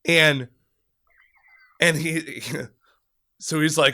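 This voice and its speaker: A middle-aged man co-hosting a podcast, telling a military story in casual, profane chat and acting out shouted quotes. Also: on the high side, little pitch movement, slow.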